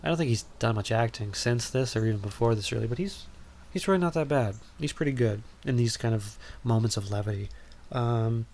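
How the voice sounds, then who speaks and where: A man's voice: medium pitch, brisk, a little mellow, a little hiss or hum. A man hosting a podcast, recapping a film in a casual, rambling way with lots of ums and wry asides. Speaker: podcast host.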